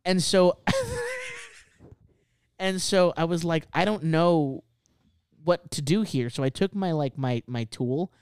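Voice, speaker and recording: A man's voice: a little high, slow, long pauses, clear, resonant tone, no echo. A young man in casual chat, telling stories full of "like" and "bro" and laughing often.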